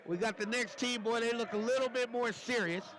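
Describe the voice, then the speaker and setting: A man with a fairly high voice calls a live basketball game. He talks in a folksy, chatty way and keeps repeating his phrases. A ball bounces on the court behind him. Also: fairly quick, fairly bright tone. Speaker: play-by-play commentator.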